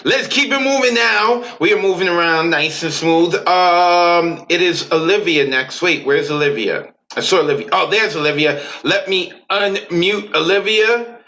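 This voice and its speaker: A high-voiced, forceful man with a New York accent, hosting a poetry open mic from home. He keeps things moving with playful, teasing banter. The sound is dull and lo-fi, like a video call. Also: measured pace. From the Bronx, New York. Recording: muffled video call audio.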